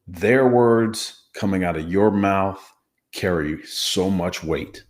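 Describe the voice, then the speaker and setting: A man's voice: deep voice, slow. A man, a former hostage negotiator, explaining communication skills in an emphatic, instructive way during an interview. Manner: emphatic, instructive, demonstrates inflections. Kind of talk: conversational teaching interview.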